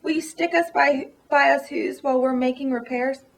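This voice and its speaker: A man's voice: very high voice, fairly even intonation, normal speed, vocal fry, far from the mic. A woman reading the part of a tiny, grateful male town mayor, who sounds friendly and eager.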